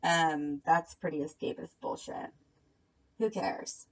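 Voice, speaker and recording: A young woman, a commentary vlogger at home at night, recaps and reacts to online drama in a blunt, sarcastic, casual way, swearing freely. Her voice is low and slow, and the audio is poor.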